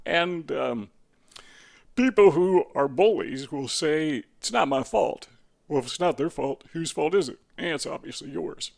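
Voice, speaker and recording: Musing man with a somewhat high voice. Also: unhurried, creaky, a little mellow. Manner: musing, asks rhetorical questions, dry humor. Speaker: video host. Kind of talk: casual spoken monologue.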